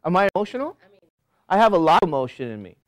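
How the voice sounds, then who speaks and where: Lively preachy male college teacher. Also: high voice, fast, no echo. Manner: lively, preachy, rhetorical questions to students. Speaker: college statistics instructor. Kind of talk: classroom lecture digression. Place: classroom.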